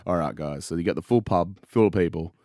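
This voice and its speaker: A man putting on a brash outback larrikin with a gruff, laid-back drawl. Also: deep voice, quick pace, mellow, dry recording, clean studio sound, pitched below the performer's own voice. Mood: swaggering.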